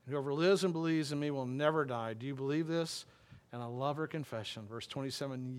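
A male pastor preaching a sermon in a conversational way, reading scripture slowly and explaining it with frequent restarts. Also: mid-range voice. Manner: reads scripture aloud slowly, then explains it plainly.

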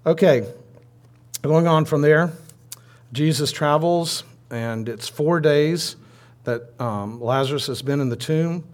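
A man's voice: fairly high pitch, slow pace. Man preaching a chatty sermon. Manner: conversational storytelling with asides.

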